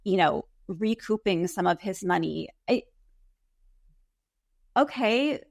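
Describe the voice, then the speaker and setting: Woman co-host, exasperated retelling with acted quotes, medium pitch, dry recording. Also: expressive, takes it slowly, vocal fry, no room sound. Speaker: podcast co-host. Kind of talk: casual recap chat.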